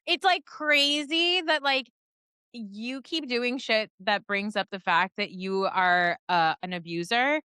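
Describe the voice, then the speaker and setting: Woman podcast guest, bright and tense tone, blunt opinions, dry mic. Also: fairly high pitch, clean tone, no room sound. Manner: opinionated, quick reactions, casual swearing. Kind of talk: casual podcast chat.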